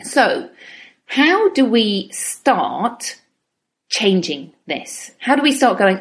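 A middle-aged woman giving a calm, reflective self-help talk and slowing down on key words. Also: medium pitch.

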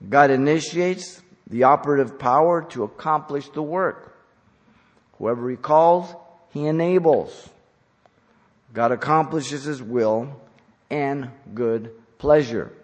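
A man preaching an expository sermon as a pastor, emphatic and deliberate, slowing down on key phrases. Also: medium pitch, muffled recording. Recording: long hall reverb.

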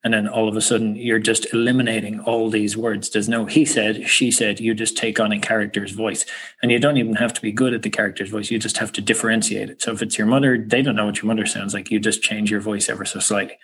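A man with an Irish accent, chatting as a guest on a podcast and telling stories quickly, laughing often. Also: on the low side, flat delivery, a bit bright, a little hiss or hum, rough recording. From Ireland. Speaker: guest author. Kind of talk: casual podcast conversation.

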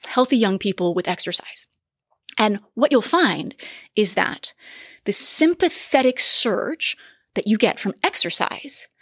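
A woman teaching a medical lecture in a bright, fairly high voice, talking to the listener like a colleague and throwing in quick asides. The sound is dry and close, with no room around it. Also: no room sound.

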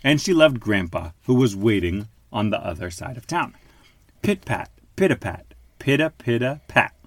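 A man hosting a podcast with his child, reading a picture book aloud in an animated, playful way. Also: medium pitch, normal speed, dry recording. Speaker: father and podcast host.

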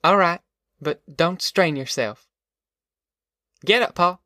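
A man voicing a weary, determined migrant farm mother who gives brisk orders. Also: high voice, sharp tone, no echo, studio quality, voice pushed up, exaggerated voice. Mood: coaxing, worried. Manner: brisk, commanding.

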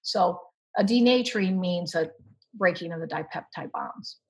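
A woman speaking as a guest expert, explaining how the body handles food in an animated, emphatic way. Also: fairly low pitch, moderate pace, gravelly, slightly rough, rough recording. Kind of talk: explanatory conversation.

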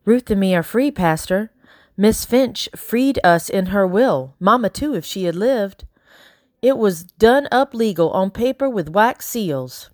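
A woman's voice: mid-range voice, expressive, unhurried, a little mellow, no echo, clean studio sound, pitched above the performer's own voice, lightly acted. A woman reading an audiobook, voicing an earnest young girl who stays carefully polite. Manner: earnest, pleading, carefully proper. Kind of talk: audiobook character voice.

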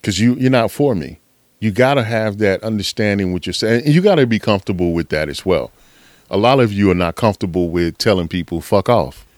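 A man delivers a motivational podcast monologue in a low, dry voice. He swears freely, presses his points over and over, and preaches with fired-up conviction. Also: animated, brisk, no echo. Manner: profane, fired-up preaching with frequent laughs. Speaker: podcast host.

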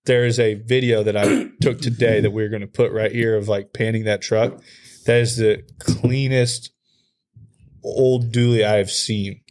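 A man's voice: fairly low pitch, fairly even intonation, measured pace, a little mellow. Joking male podcast host. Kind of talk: casual chat.

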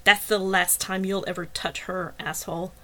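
A furious young man holds back his rage in a storybook reading, voiced by a woman reader. He hisses low and quiet through clenched teeth. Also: level tone, moderate pace. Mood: seething.

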